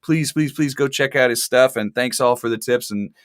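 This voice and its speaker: A man's voice: medium pitch, moderate pace, no room sound. A man from Texas hosting a casual talk show, chatty and rambling, with dry sarcastic humor. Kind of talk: casual chat.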